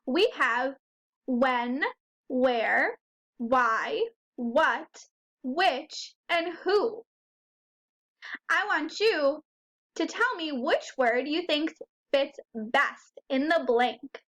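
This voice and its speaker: A woman teaching a first grade phonics lesson, who sounds out words slowly and clearly and asks the children questions. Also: sits high, fairly bright tone.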